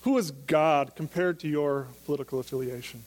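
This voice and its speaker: A man's voice: fairly high pitch, fairly quick, hardly any pauses, a little mellow, in a large hall. A man preaching a sermon as pastor, talking in a conversational way and asking the listeners question after question.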